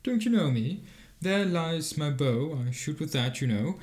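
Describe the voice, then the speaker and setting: A man's voice: fairly high pitch, animated, unhurried, darkish tone. A man voicing a mischievous little boy in a storybook reading, in a raised, teasing voice. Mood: cheeky.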